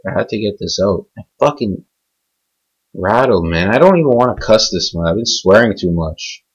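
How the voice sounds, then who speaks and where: A man's voice: on the low side, lively intonation, moderate pace, breathy edge, lo-fi sound. Angry profane young man ranting. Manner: furious, profane, rambling. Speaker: podcast host. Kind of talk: angry unscripted podcast rant.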